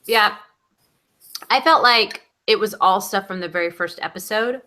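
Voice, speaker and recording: A woman with a Southern US accent chats casually as co-host of a live online show. Her voice is bright and forward, and she laughs easily between thoughts. It sounds like a video call. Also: mid-range voice, normal speed. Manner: chatty, laughs often. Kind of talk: casual live-stream chat.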